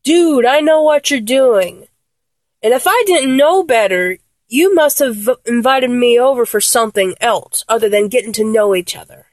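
A woman's voice: a little high, lively intonation, normal speed, a little mellow, no room sound, close to an everyday voice. A woman playing a flustered, blunt young woman. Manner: exasperated, swears a lot, stammers. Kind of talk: one-sided audio role-play.

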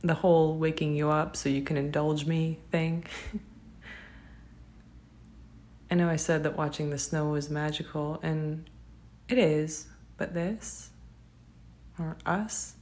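A young woman, speaking gently and tenderly to a partner in a whispered role-play, with soft laughs. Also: low-pitched, steady tone, a little slow. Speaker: affectionate partner.

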